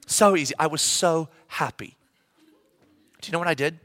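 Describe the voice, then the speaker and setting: A man's voice: on the high side, normal speed, no room sound, clean studio sound. A man in his thirties preaching a sermon, telling a funny family story and acting out his kids' voices. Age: 30s. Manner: animated, acts out voices of his kids. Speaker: pastor.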